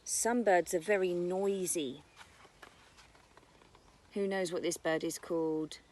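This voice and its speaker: A woman's voice: on the low side, steady tone, takes it slowly, darkish tone. A British woman who teaches nursery, reading a picture book about birds to young children outdoors in a garden, using a sing-song storytime voice. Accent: British English.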